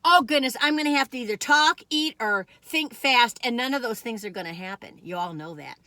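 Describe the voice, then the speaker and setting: A woman's voice: fairly high pitch, animated, a little fast, pushed and bright, dry recording, studio quality. An older woman rambling through a casual food review vlog, going off on tangents and laughing often.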